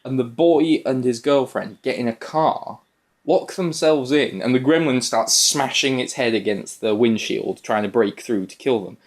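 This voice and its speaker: A man's voice: mid-range voice, moderate pace. A young man from the UK on a film review podcast, animatedly retelling scenes and laughing as he talks. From United Kingdom. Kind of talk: casual chat.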